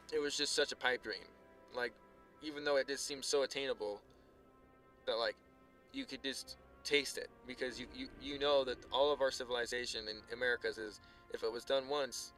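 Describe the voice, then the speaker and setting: A man talking casually on a live stream, rambling with lots of filler words and swearing, sometimes quiet and sometimes heated. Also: medium pitch, steady tone, fairly quick, soft background music. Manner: swings from subdued to heated ranting.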